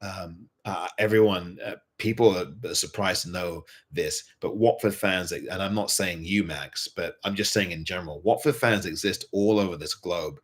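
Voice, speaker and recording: Low-voiced football fan host. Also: male voice, normal speed, few pauses, husky. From England. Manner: earnest, repeats points for emphasis. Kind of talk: post-match fan commentary.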